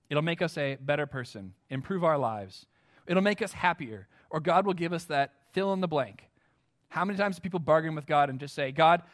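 A man with an American accent delivering a sermon in a fairly high voice. He preaches earnestly and with emphasis, often turning to his listeners with direct questions. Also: a bit bright. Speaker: pastor.

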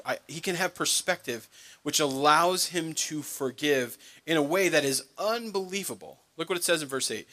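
A man's voice: fairly high pitch, brisk, bright, forceful tone. A man preaching a sermon in a conversational way, reading scripture and acting out the characters with casual asides. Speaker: pastor.

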